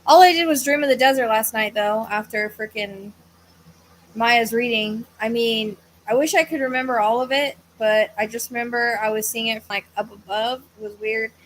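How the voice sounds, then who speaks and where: A psychic medium livestream host speaks at normal speed in a fairly high-pitched voice. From her home, where a fan runs, she chats casually, sounding tired and hesitant, rambling with many fillers and yawning at times. Audio quality is poor, with slight background noise.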